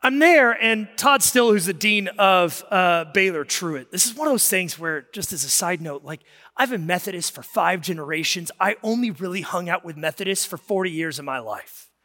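A man preaching a sermon as pastor, telling stories in an animated way that rises to shouts of emphasis. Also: high voice, moderate pace, long reverb tail. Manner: animated storytelling, rising to shouts.

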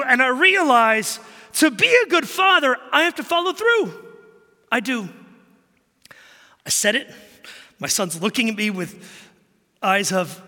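Speaking fairly quickly in a very high voice, a male pastor preaches in a large hall, bringing his stories to life and acting out the dialogue.

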